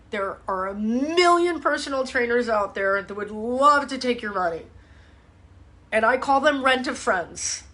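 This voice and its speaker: A woman's voice: on the high side, fairly bright tone. A middle-aged woman, a personal trainer, talking bluntly and profanely in a casual live stream. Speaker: personal trainer and fitness instructor.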